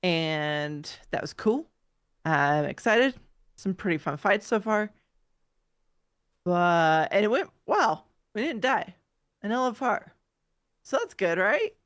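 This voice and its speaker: A woman in her thirties co-hosts a podcast while nursing a cold. She rambles through her stories in easygoing chat and laughs at her own mishaps. Her pitch sits in the middle range. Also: sing-song, takes it slowly, long pauses. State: has a cold. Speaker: podcast co-host. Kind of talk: casual chat.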